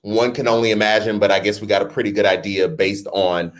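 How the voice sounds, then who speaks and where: A man's voice: lowish voice, flat delivery, a little fast, slight background noise. A man hosting a casual live-stream chat, talking straight to his viewers, now and then slipping into a playful newscaster voice. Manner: chatty, talks straight to viewers, laughs at himself; jokingly puts on a newscaster voice. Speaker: host.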